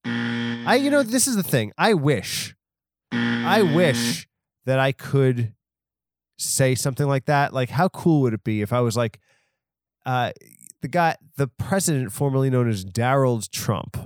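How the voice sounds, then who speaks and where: A man's voice: medium pitch, expressive, measured pace, long pauses, no echo, studio quality. A man hosting a solo comedy podcast, talking in a rambling, self-interrupting way full of absurd tangents. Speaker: podcast host.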